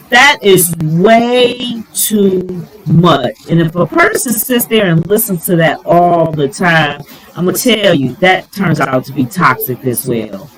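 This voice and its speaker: A middle-aged woman giving relationship advice in a casual, animated vlog, exclaiming and talking straight to her viewers. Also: lowish voice, slow pace, slightly rough, rough recording. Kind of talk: casual advice talk to camera.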